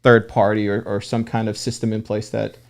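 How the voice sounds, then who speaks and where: A man's voice: lowish voice, flat delivery, brisk, gravelly. A man co-hosting a podcast, chatting casually. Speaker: podcast co-host. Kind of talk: casual chat.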